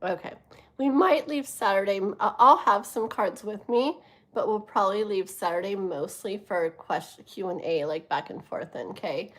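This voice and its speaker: A woman's voice: medium pitch, normal speed, fairly bright tone. A middle-aged woman hosting a live tarot stream, chatting casually with viewers in a rambling way with many fillers. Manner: chatty, rambling, lots of fillers, laughs often.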